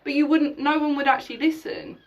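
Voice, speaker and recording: A woman's voice: high-pitched, little pitch movement, fairly quick, distant mic, dull audio. A woman hosting a live spiritual session, talking emphatically, swearing casually and acting out imagined conversations. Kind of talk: live-streamed spiritual talk.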